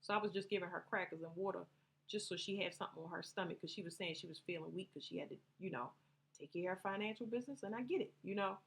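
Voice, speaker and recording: A woman's voice: on the low side, fast talker, vocal fry. A woman vlogger telling personal stories to her viewers in a loose, rambling way, swearing freely and laughing as she talks. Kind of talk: casual storytelling to viewers.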